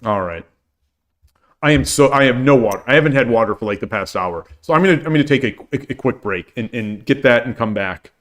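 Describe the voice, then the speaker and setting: A middle-aged man chats casually with his livestream viewers. He rambles, stumbles into restarts and repeats his phrases as he goes. His voice sits at an ordinary, middle pitch for a man. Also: animated, fairly quick, fairly bright tone. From American Midwest. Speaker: livestream host.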